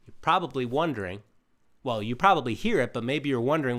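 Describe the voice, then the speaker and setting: A man teaching a live ukulele lesson in a calm, encouraging, gently meditative way. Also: medium pitch, brisk, a little hiss or hum. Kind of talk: live-streamed music lesson.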